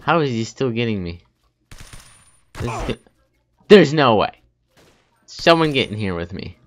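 A man giving let's play commentary, muttering and humming to himself as he plays, with sudden loud excited outbursts. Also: medium pitch, measured pace, a little hiss or hum. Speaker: gaming video host.

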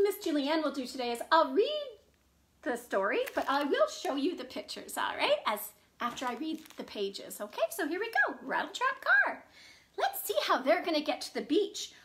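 A woman librarian reading a picture book aloud to young children, animated and expressive, with gasps and sound effects. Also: sits high, slight background noise. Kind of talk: children's storytime read-aloud. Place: at home.

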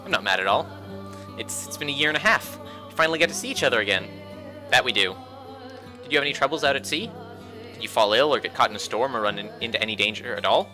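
A man voicing a young woman in a visual novel who waits for her sailor love, reading softly and tenderly. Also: mid-range voice, lively intonation, fast, pauses often. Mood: eager. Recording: faint music behind.

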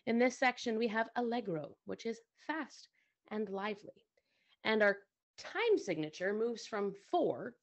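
A woman's voice: a little high, lively intonation, normal speed. A woman co-host teaching music at the piano, talking conversationally and often checking in with her listeners.

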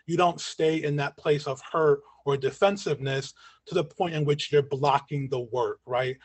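A man giving an online lecture as a community educator, earnest and talking in long chains of points, often checking in with a quick "right?", his voice getting worn. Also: fairly high pitch, fairly even intonation, dry recording. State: losing his voice. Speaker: community educator and guest speaker. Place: at home on a video call. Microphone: video call mic.

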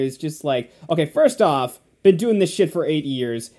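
A man's voice: a little high, expressive, normal speed, hardly any pauses, dark tone. A man hosting a casual podcast, ranting in exasperation and swearing often. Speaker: podcast host.

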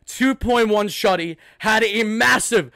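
A man hosting an emotional postgame livestream, shouting with excitement and fighting back tears. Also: high voice, measured pace, gravelly, no echo. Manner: excitable, shouting, swings between yelling and hushed emotion. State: close to tears. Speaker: sports fan livestream host.

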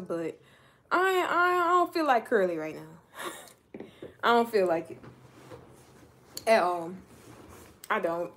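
A woman chatting casually to her viewers while she cooks in her home kitchen, filmed on a phone. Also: mid-range voice. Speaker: vlogger. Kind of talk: casual late-night cooking vlog. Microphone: phone camera. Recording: phone audio with loud frying noise. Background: sizzling frying oil and running tap.

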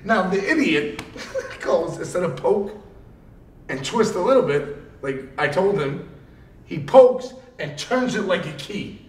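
A man in casual chat, telling a wrestling story in an animated, profane, laughing way, recorded in a room. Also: sits high, unhurried. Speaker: wrestler guest. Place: convention event room. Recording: roomy, distant mic, faint noise.

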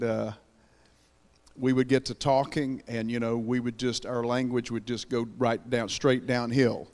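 A middle-aged man with an Appalachian accent, opening a sermon as guest preacher and calling the crowd to praise. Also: mid-range voice. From mountains of Virginia. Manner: exuberant, calls for praise.

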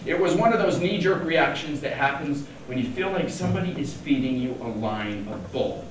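With an animated, slightly high voice at a moderate pace, a Denver man in his forties spins a wry, self-mocking keynote tale. The sound comes from a distant mic in a large, echoing conference hall with faint noise.

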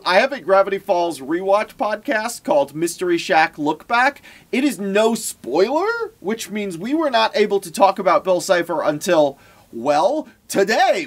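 A man speaking casually to his audience, chatty and a little apologetic. His voice is fairly high and very lively, rising and falling freely. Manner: chatty, self-promoting, lightly apologetic. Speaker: voice actor and podcast host. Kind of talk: casual talk to viewers.

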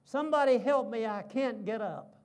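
A man's voice: extremely high pitch, normal speed, a little mellow, voice pushed up. A man voicing a huge, muscular father who is playfully pinned by his small son and cries out for help in mock desperation. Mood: mock distress.

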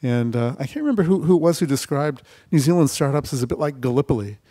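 Male investor panelist, festival stage, animated talker who acts out quotes. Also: fairly high pitch, fast. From United States. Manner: animated storytelling, acting out mock quotes. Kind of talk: panel discussion.

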